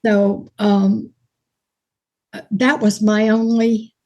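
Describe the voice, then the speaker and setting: A woman from Alabama with a mild Alabama accent, chatting as an actress guest in an interview, folksy and quick to laugh. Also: medium pitch, little pitch movement, warm tone, lo-fi sound. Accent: mild Alabama Southern. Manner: folksy, chatty storyteller who laughs easily. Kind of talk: casual interview chat.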